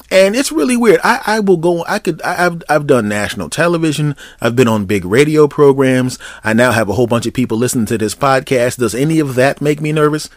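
A man's voice: medium pitch, no room sound, clean studio sound. A man hosting his own solo comedy podcast, rambling and joking with mock threats toward his listeners. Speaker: podcast host.

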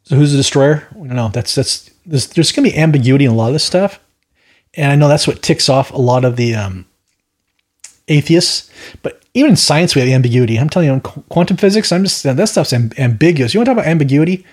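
A man's voice: on the high side, lively intonation, fast, darkish tone. A man hosting a Bible study, teaching verse by verse with a rambling, opinionated delivery and frequent stammered restarts. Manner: rambling, stammers and repeats words, opinionated asides.

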